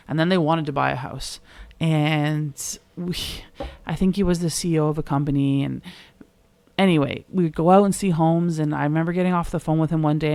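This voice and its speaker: A woman with a somewhat low voice chats on a podcast, candid and unfiltered, swearing freely as she tells stories. The recording is close and dry, with no room sound. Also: vocal fry, a little mellow, no room sound. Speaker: podcast co-host, realtor. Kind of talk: casual chat.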